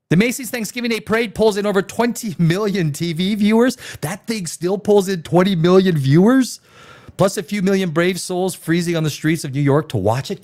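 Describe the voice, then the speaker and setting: A man hosts a casual live stream, talking into a desk microphone. His voice sits a little high for a man. He rambles, jokes and restarts his sentences, filling gaps with ums and uhs. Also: darkish tone. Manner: rambling, jokey, many fillers and restarts.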